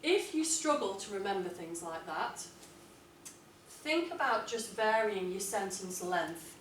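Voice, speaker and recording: A woman leads a classroom writing lesson. She speaks clearly and deliberately and leans on key words when she reads examples aloud. Her voice carries from a distance in an echoey room, with a faint hum of room noise behind it. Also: medium pitch, lively intonation. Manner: clear, deliberate, emphatic reading of model texts. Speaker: English teacher.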